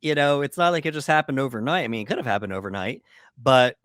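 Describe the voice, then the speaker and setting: A man's voice: medium pitch, animated, fast, fairly bright tone, no room sound, studio quality. A man co-hosting a podcast, casually walking through a horror movie in a laid-back way with lots of fillers. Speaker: podcast co-host. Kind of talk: casual movie breakdown chat.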